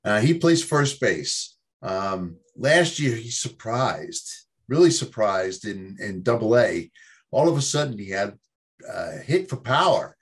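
Husky New Yorker talking baseball. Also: male voice, on the low side, very animated, measured pace. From New York. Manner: rambling, with many fillers and restarts. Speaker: podcast guest. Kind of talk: casual sports chat.

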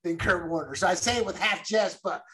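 Bright, high-voiced man talking sports. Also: brisk. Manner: emphatic, animated, repeats words. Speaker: podcast co-host. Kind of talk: casual sports chat.

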